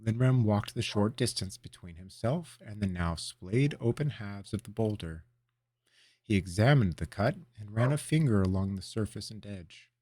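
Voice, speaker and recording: A man with a lowish voice reads a fantasy story aloud. His delivery is measured and expressive, with a lively rise and fall. The sound is dry and close. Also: no echo. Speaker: narrator. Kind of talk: audiobook reading of a fantasy story.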